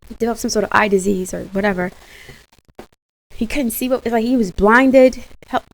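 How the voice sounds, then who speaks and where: Animated slangy woman tarot reader. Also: on the high side, moderate pace, creaky, slight background noise, poor audio. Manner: animated, slangy, talks straight to viewers, laughs often. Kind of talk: casual channeled tarot reading.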